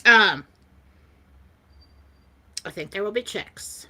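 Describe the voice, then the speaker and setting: Lively, bright-voiced woman telling a story. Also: medium pitch, normal speed, pauses often, slight background noise. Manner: animated, laughs often while telling a story. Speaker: co-host. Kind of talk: casual storytelling chat.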